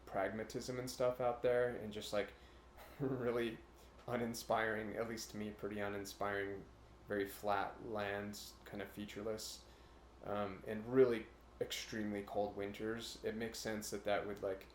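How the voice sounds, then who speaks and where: A man's voice: on the low side, level tone, normal speed, reverberant, slight background noise. A man co-hosting a casual chat, rambling and breaking into brief imitation voices, a little nervous about recording. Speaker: podcast co-host.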